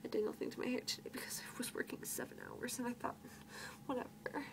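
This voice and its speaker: An American teenage girl who works as a grocery cashier vents in a vlog rant about rude customers, exasperated, sarcastic and swearing freely while mocking their voices. She whispers fast in a fairly high, steady voice on a rough recording.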